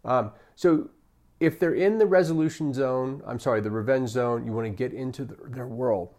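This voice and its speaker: A man's voice: medium pitch, moderate pace, darkish tone. Man coaching staff on angry customers. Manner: coaching, repeats "right?" often, acts out customer quotes. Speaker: customer service trainer. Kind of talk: training lecture.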